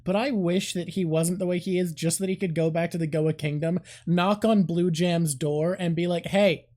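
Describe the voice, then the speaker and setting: A woman's voice: fairly low pitch, steady tone, moderate pace, warm tone. A woman in casual fan discussion who talks bluntly and swears freely. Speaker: co-host.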